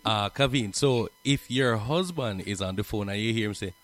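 A man's voice: on the low side, normal speed. A man co-hosting a casual radio chat, chuckling and agreeing. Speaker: radio co-host.

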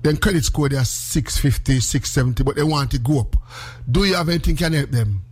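Husky-voiced male radio host. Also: on the high side, brisk, darkish tone. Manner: conversational, asks leading questions. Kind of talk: radio talk show.

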